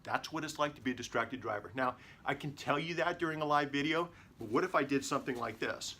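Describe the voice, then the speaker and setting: A middle-aged man, a lawyer, presenting video communication tips to camera in an animated way, shifting his tone and volume for emphasis. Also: mid-range voice, fast, a little hiss or hum.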